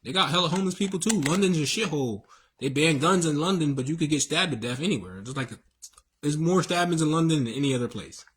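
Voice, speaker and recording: Husky man preaching on a rambling livestream. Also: on the high side, animated, brisk. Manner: rambling, preachy, slangy, with many fillers. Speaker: livestream host. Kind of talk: casual livestream monologue.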